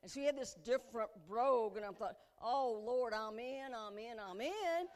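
A middle-aged woman preaching to a women's gathering, telling funny stories in a chatty, animated way. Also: moderate pace. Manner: animated, chatty, breaks into giddy high-pitched bursts. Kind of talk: humorous storytelling sermon. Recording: long hall reverb.

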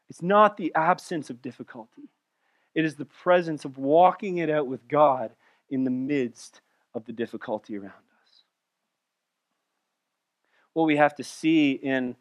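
A male pastor delivering a sermon, swinging from loud emphatic lines to soft, intimate asides. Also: sits high.

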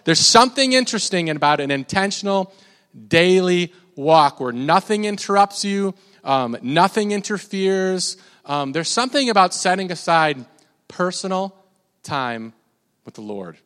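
A man's voice: high voice, big pitch swings, measured pace, fairly bright tone. A man preaching a casual, conversational sermon, stumbling over repeated words and moving into prayer. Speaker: pastor. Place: church hall. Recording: long reverb of a hall.

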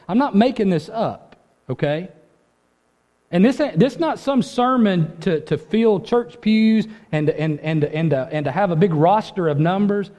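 Urgent preaching pastor, high voice. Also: male voice, warm tone, in a large hall, dull audio. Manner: urgent, conversational preaching with dramatic drops and rises. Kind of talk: sermon.

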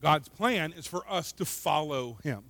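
A man preaching a sermon in an earnest way, often repeating words and swinging between loud emphasis and quiet asides. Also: on the high side, expressive, a little slow, dry recording. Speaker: pastor.

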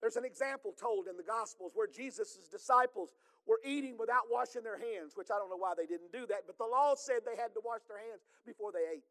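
A man with a very high voice preaches a sermon in a church. He drops to hushed, intimate lines, then rises to shouted emphasis. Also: fairly quick. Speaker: pastor.

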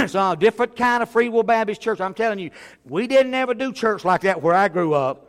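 A middle-aged man preaching, telling funny stories in an animated way and often chuckling and clearing his throat. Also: high-pitched, a little fast. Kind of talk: humorous sermon storytelling.

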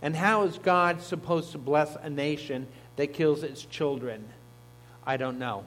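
A man's voice: a little high, a little slow, fairly bright tone, slight background noise. A man, a pastor, preaching a sermon in a conversational teaching manner, with asides to the congregation. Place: church.

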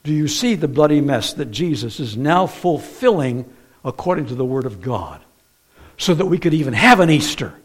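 A male preacher delivering a sermon, his slightly high voice rising and falling with lively swings. He talks to the congregation plainly and throws questions back at them as he goes. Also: moderate pace. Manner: conversational, rhetorical questions to the congregation.

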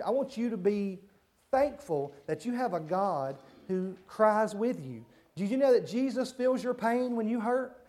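Man leading a children's sermon. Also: sits high. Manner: asks children questions, talks simply and warmly to kids; hushes and redirects children mid-talk. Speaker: children's church leader.

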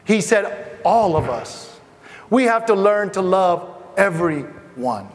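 A middle-aged man from Asia preaches in a high voice, talking with the congregation as if in conversation. His words ring out with a long reverb from a church hall. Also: very animated, slow. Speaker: pastor. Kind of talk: sermon.

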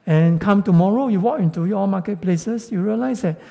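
A man's voice: sits high, moderate pace, gravelly, dark tone. A middle-aged man preaching a sermon, speaking earnestly and addressing the congregation directly. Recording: long reverb of a large hall.

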